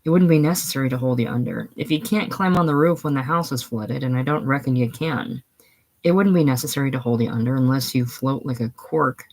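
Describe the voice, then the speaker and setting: A reader voicing a blunt, mocking rural man in a casual play reading, low and quiet with a husky tone. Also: brisk, lightly acted, rough recording. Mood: gruff.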